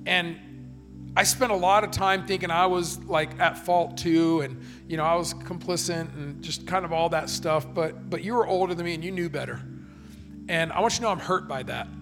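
A man's voice: a little high, normal speed. Earnest man preaching over music. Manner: storytelling, earnest and conversational. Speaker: pastor. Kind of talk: sermon. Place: church stage.

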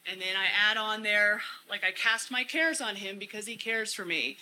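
A woman's voice: medium pitch, moderate pace, sharp tone, poor audio. A woman giving an earnest church talk, often repeating phrases for emphasis. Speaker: church speaker. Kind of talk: casual teaching talk.

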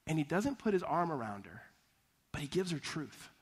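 A male pastor preaching a sermon, telling lively stories with laughter and acting out both sides of a conversation. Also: a little high, moderate pace, breathy edge. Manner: animated storytelling, acting out dialogue, laughing often. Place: church.

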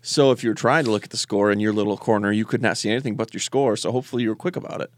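A man co-hosting a podcast in casual chat, quick to protest in exasperation. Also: on the low side, steady tone. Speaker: podcast co-host.

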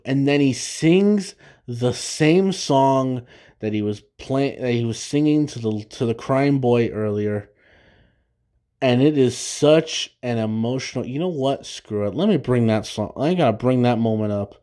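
A man's voice: mid-range voice, measured pace, warm tone. A young man hosting a podcast, recapping an episode in a rambling, casual way, full of fillers and restarts. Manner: rambling, many fillers and restarts, laughs at his own jokes. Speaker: podcast host.

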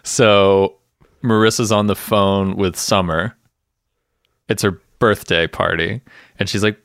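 Man, low voice, podcast co-host, animated retelling, dry close sound. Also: takes it slowly, no echo. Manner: animated, acts out scenes with voices. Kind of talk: casual chat recapping a TV episode.

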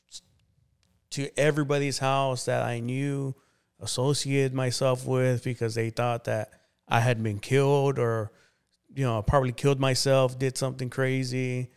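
A man's voice: medium pitch, clean tone. A man, a pastor and interview guest, telling his life story casually with many fillers. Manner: relaxed, conversational, many fillers like "you know".

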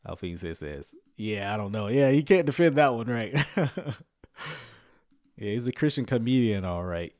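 A man giving casual livestream commentary on a sermon, sarcastic and rambling, often chuckling and filling pauses with "um.". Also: on the low side, animated, a little mellow. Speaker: online commentator reacting to a sermon.

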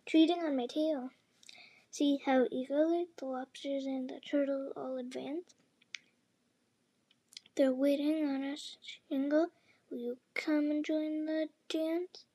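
A woman voicing the sorrowful male Mock Turtle in a storybook reading, slow and mournful. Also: sits high, steady tone, dark tone. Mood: sad singing.

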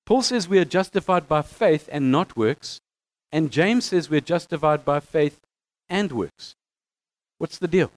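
A high-pitched man gives a bible lesson in a lively teaching manner. He reads passages aloud with stress on key words and often restarts his sentences as he explains. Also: a little slow. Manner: animated, reads scripture aloud with emphasis, frequent restarts. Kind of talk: teaching talk on scripture.

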